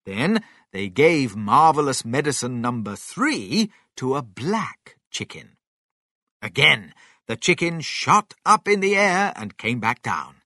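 Slow, expressive male storyteller. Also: medium pitch, dry recording, clean studio sound. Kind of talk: children's story reading.

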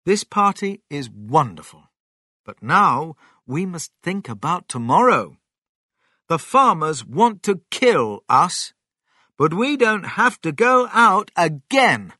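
A man voicing a clever, bold male fox in a storybook reading, speaking with eager emphasis, raised and loud. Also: fairly high pitch, sing-song, slow, no room sound, clean studio sound, pitched above the performer's own voice, heavily acted.

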